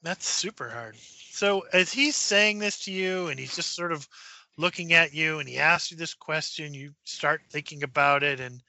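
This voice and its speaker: A man running a tabletop horror game as game master, narrating with halting fillers and dropping to a whisper for eerie moments. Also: on the high side, pushed and bright, no echo, muffled recording. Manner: halting, many fillers, drops to a whisper for spooky parts.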